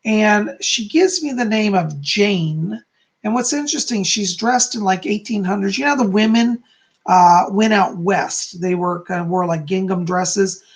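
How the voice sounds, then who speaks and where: A psychic host runs a live-stream reading, answering viewers in a chatty, reassuring way and often ending points with "okay?". His voice sits high and he speaks a little slowly.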